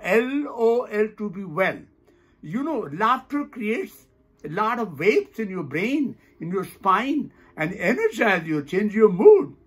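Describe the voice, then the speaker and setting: A man's voice: sits high, big pitch swings, takes it slowly, breathy edge. A man leading a laughter yoga session, cheerfully coaching and breaking into laughter and rhythmic ho-ho ha-ha chants.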